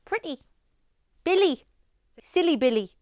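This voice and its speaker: A woman's voice: extremely high pitch, animated, a little mellow. A woman with a Geordie accent carefully saying sample words and phrases. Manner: careful, deliberate. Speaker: accent example speaker.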